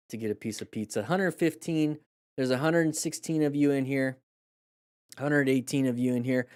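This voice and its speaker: A man's voice: mid-range voice, a little mellow, dry recording, studio quality. A man casually commenting on motorcycle crash clips during a live stream, rambling and restarting sentences, coaching with praise and jokes for the chat. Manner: rambling, chatty, with frequent restarts and fillers.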